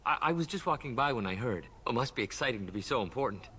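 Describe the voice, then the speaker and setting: A man's voice: medium pitch, animated, fast talker, sharp tone, slight background noise. A man voicing a timid young male elf servant in a video game, nervous and stammering.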